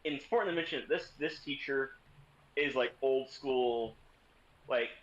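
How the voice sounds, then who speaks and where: A man's voice: mid-range voice, moderate pace, muffled recording. A young man, a streamer, casually telling a rambling story and swearing freely.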